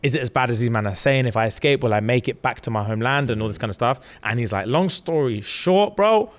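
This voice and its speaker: A man spins a story casually for his co-host. He is slangy and animated, jumping into the characters' voices as he goes. His voice sits in a middle pitch. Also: rapid-fire. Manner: animated slangy retelling, acting out characters' lines. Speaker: podcast co-host. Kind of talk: casual storytelling, retelling a novel's plot.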